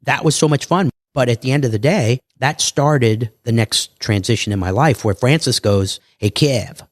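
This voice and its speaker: A man, a guest on a podcast, telling his life story in a lively way and acting out other people's lines. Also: mid-range voice, dry recording, clean studio sound. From New York. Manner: animated, quick storytelling with acted quotes.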